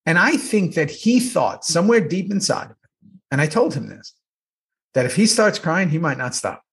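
Animated, swearing male storyteller. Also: fairly high pitch, moderate pace, creaky. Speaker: podcast co-host, actor. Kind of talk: casual rewatch chat.

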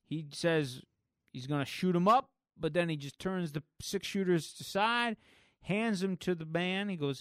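A man's voice: sits high, a little slow, fairly bright tone, clean tone, no echo, clean studio sound. A man cohosting a podcast, chatting casually and rambling with lots of fillers. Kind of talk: casual chat.

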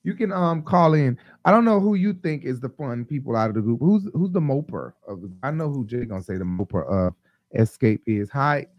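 A man hosting a casual live-stream chat, talking loosely and rambling with lots of ums, openly high. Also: expressive, fairly quick, no room sound, dull audio.

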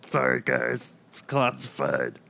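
Brief: male player, very gravelly, bright and tense, slow and animated. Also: medium pitch. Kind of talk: tabletop role-play.

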